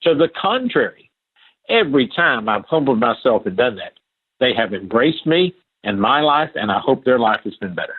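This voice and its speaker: An older man with a husky, breathy voice that comes through a thin, phone-like line. He speaks earnestly and with emphasis, repeating key phrases as he tells personal stories in an interview. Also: medium pitch, sing-song, moderate pace. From Appalachia. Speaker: podcast guest. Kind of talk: storytelling interview talk.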